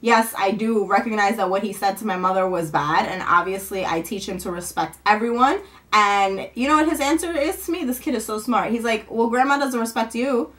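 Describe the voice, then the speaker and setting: A woman's voice: medium pitch, a little fast, a bit bright. A young woman vlogging at home, venting in a rambling, frustrated way and swearing casually.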